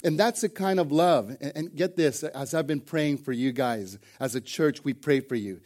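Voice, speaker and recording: Man, pastor, middle-aged, sermon, folksy storyteller, slightly high voice. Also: normal speed, darkish tone. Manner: folksy storytelling with jokes, repeated starts and "man". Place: church service before a congregation.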